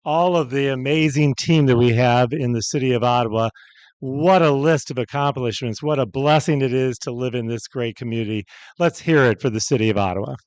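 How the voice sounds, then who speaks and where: A man acts as emcee at a civic event, announcing in an upbeat, praising way. His voice sits at a medium pitch and is recorded dry and close. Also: no room sound. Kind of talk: ceremonial announcing.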